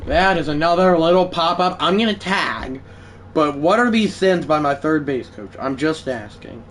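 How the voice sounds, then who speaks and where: Excitable game streamer, animated, easily frustrated, scolds the game out loud. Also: medium pitch, normal speed, a little hiss or hum. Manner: frustrated, excitable, bursts into shouting; talks back to the game. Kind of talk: live gameplay commentary.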